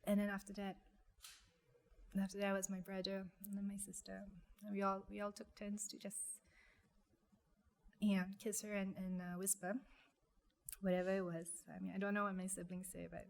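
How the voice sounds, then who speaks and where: A young woman, telling a personal story in an interview, speaking softly and haltingly with many restarts. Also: medium pitch, level tone, gravelly. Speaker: guest.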